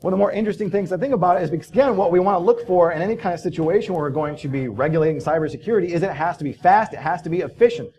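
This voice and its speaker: A man's voice: high-pitched, expressive, racing, few pauses, mellow. A man giving a casual conference talk, telling stories in a loose, profane way with many fillers. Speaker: conference speaker. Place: conference hall.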